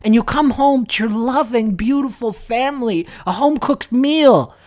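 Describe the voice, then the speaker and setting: A man's voice: very high voice, moderate pace, darkish tone. A young man hosting a comedy video, ranting in a brash, crude, mock-boastful way. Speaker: comedy vlogger. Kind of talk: profane comedic rant.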